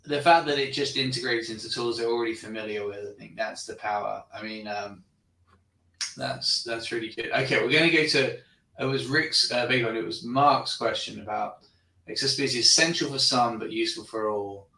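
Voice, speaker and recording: A man's voice: medium pitch, fairly quick, gravelly, sharp tone. A man hosting a conference session, talking casually and enthusiastically with many restarts. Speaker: host. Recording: roomy sound from far off the mic.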